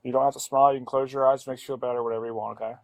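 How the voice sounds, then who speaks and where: A male police officer questioning witnesses in a calm, matter-of-fact way, recorded outdoors on his body camera. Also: medium pitch, racing, vocal fry, no echo. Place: outdoors at a residence.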